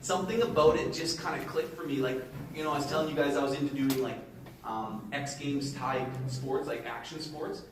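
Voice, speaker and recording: A man's voice: medium pitch, fairly quick. A man in his forties telling a casual, motivational story to an audience he addresses directly. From Canada. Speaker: guest speaker. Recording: echoey hall from far off, noisy.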